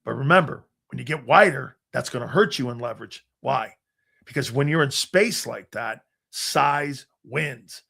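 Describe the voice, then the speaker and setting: A middle-aged man hosting a sports talk show, telling rambling, animated anecdotes full of restarts. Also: medium pitch, normal speed, creaky, slightly rough. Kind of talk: casual storytelling.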